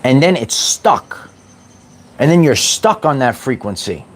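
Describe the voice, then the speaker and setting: A man's voice: medium pitch, big pitch swings, measured pace. A middle-aged man hosting a spiritual wellness livestream, talking to his chat in a playful, repetitive motivational style and drawling words like "baby".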